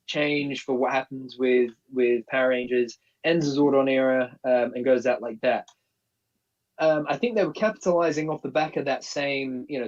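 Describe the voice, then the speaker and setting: Rambling co-host on a muffled distant line. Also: male voice, medium pitch. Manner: rambling, many restarts, nostalgic fan explaining. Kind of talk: casual live-stream chat.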